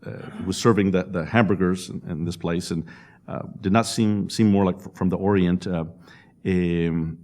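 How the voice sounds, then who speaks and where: A man's voice: deep voice, steady tone, moderate pace, a little mellow. A man speaking at a public panel discussion, telling stories and acting out quotes with laughs. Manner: storytelling with acted-out quotes and laughs.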